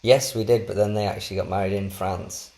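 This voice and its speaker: A man's voice: on the low side, fairly even intonation, fairly quick, gravelly, a little mellow. A man co-hosting a podcast, rambling and poking fun at himself in a casual travel chat. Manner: rambling, self-deprecating. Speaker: podcast co-host.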